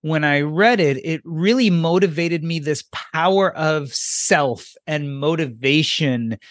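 A man's voice: fairly high pitch, dry recording, studio quality. A man hosting an interview, asking conversational questions and adding his own thoughts. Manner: conversational, drawing out the guest. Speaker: podcast host.

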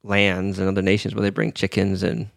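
Man, gravelly voice, laid-back, self-deprecating, casual chat, dry close sound. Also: deep voice, monotone, fairly quick, dry recording. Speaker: podcast co-host.

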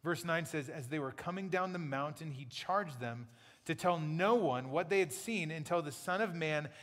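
A man preaching a sermon in a conversational, playful storytelling way, slipping into quick acted asides. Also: fairly high pitch, a bit bright. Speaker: pastor. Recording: long hall reverb.

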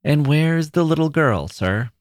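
A man's voice: fairly high pitch, animated, normal speed, no room sound, clean studio sound, pitched above the performer's own voice, lightly acted. A man voicing a big, jovial peddler from the mountains with a nasal tone, in a read-aloud story. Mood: polite.

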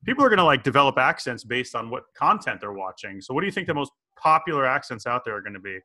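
A man's voice: medium pitch, big pitch swings, fast, pushed and bright. A middle-aged man hosting a casual comedic news podcast, playful and prone to slipping into exaggerated impressions. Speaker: podcast host.

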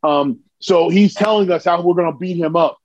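Podekscytowany mężczyzna o wysokim głosie, przytłumione nagranie. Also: male voice, high voice, normal speed, no room sound, highs cut off. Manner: animated, excitable storyteller. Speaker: podcast guest. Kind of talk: casual storytelling.

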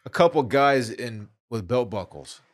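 A man's voice: medium pitch, expressive, measured pace. A man co-hosting a sports podcast with blunt, mocking banter. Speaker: podcast co-host. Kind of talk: casual sports podcast chat.

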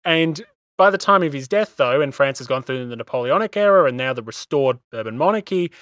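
A man hosting a history podcast, explaining things in a measured way with small stumbles. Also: mid-range voice, animated, fairly bright tone, no echo. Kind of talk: casual history discussion.

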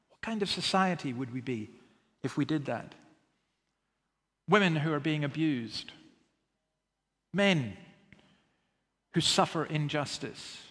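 A man's voice: on the high side, fairly bright tone, big-room sound. A man preaching a sermon in an earnest, emphatic way, often asking rhetorical questions.

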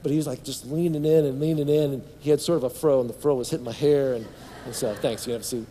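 A man's voice: medium pitch, steady tone, quick pace, warm tone, slight background noise. A man preaching a sermon as pastor, reading scripture aloud with building fervor and leading the congregation in call-and-response. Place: large hall or church. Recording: long hall reverb.

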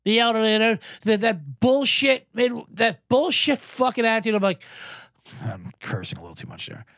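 A man hosts a comedy sports podcast, ranting sarcastically and cursing freely. His voice swings widely in pitch as he fires off complaints. The recording is close and dry. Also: big pitch swings, moderate pace, a bit bright, dry recording. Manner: ranting, sarcastic, profane, self-interrupting. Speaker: podcast host.

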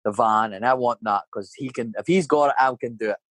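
A Scottish man in his thirties chats casually about his trade, rambling from one point to the next and leaning on "mate" and "you know". His voice sits at a middling pitch. The recording is close and dry, with no room sound. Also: a little fast, fairly bright tone, no echo, rough recording. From Scotland. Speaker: painter and decorator. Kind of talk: casual chat.

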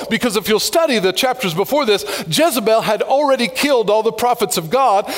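A male pastor delivering an animated sermon in a high voice. He reads scripture, tells stories and drops playful jokes along the way. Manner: lively, animated preaching with joking asides.

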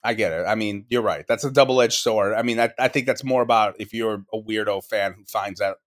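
A man's voice: fairly low pitch, brisk. A man co-hosting a podcast, talking bluntly and casually with plenty of swearing and restarts. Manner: blunt, profane, rambling with restarts. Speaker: podcast co-host. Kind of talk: casual chat.

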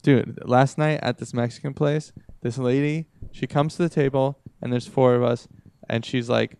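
A man's voice: medium pitch, fairly even intonation, moderate pace, vocal fry, darkish tone, clear, resonant tone. A young man co-hosting a podcast, telling rambling stories in casual chat and acting out what other people said. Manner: rambling storyteller, acts out others' lines. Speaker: podcast co-host.

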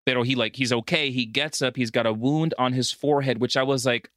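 A man co-hosting a podcast, retelling a film with lively profanity, frequent laughter and acted-out quotes. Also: mid-range voice, fairly quick, few pauses, no echo, studio quality. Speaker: podcast co-host. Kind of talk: casual movie recap chat.

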